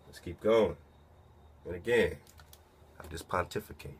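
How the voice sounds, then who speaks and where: With a low voice and a breathy edge, a man reads a document aloud slowly, then comments on it casually. He muses aloud, asking himself rhetorical questions along the way.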